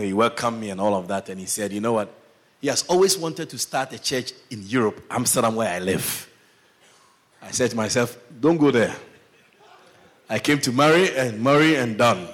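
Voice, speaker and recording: Male pastor, animated sermon storyteller with a very lively voice. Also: medium pitch.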